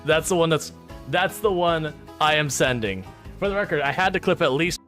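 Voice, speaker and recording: This streamer's voice sits on the high side, a bit bright, at a normal speed, with faint music behind it. He chats casually as he plays a farming game, wandering from topic to topic with plenty of jokes and laughter.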